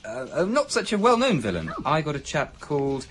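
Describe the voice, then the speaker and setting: Brief: keen young constable, hesitant and deferential, voice jumping high when surprised. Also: male voice, huge pitch swings, a little fast, fairly bright tone, a little hiss or hum. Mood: earnest. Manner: polite, hesitant, says sir a lot. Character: earnest, polite young male constable. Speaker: police constable. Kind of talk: radio sitcom acting.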